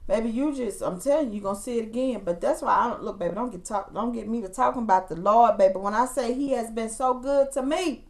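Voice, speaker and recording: A woman's voice: a little high, quick pace, few pauses. A woman co-hosting a podcast, telling stories in an earnest, preachy way. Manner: earnest, preachy, storytelling with quoted voices. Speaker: podcast co-host. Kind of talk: casual chat, storytelling.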